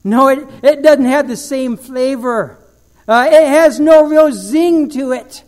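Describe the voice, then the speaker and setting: Sermon story figure: plainspoken male pig, fussy, in a high voice, done by a male preacher. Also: slow pace, darkish tone. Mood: unimpressed. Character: simple-minded male pig, restless and picky.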